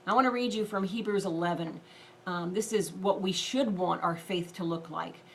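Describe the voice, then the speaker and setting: Middle-aged woman preacher, slightly low pitch, emphatic and earnest, faint room hum behind. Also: creaky. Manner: earnest and emphatic, reads scripture quickly. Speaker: deliverance minister. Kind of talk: sermon-style video message.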